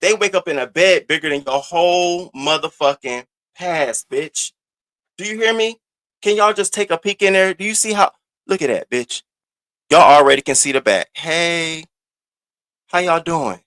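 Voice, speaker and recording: Bright, high-voiced man trash-talking. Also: normal speed. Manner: profane, taunting, trash-talking. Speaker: host. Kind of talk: roast-style live rant.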